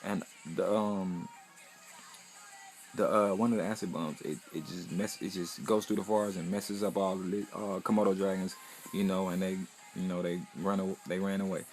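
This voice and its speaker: A young man with a lowish voice rambles through a casual episode recap, loose and profane, leaning on fillers at every turn. Faint music plays behind him. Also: little pitch movement, moderate pace, a little mellow. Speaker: anime recap vlogger.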